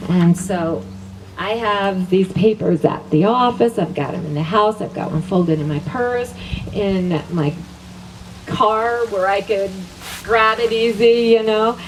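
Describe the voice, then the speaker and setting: A middle-aged wellness teacher speaks slowly in a medium-pitched voice as she leads her class through spoken affirmations, repeating each phrase twice. She's upbeat and laughs often, and the recording catches her from a distance with faint background noise.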